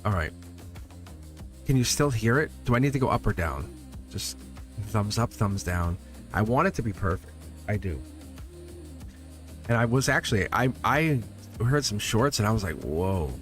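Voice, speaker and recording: A man hosting a live tarot stream, chatting casually and laughing often as he talks straight to his viewers, with soft music behind him. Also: on the low side, expressive, moderate pace, pauses often. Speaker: tarot reader and channel host. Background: quiet background music.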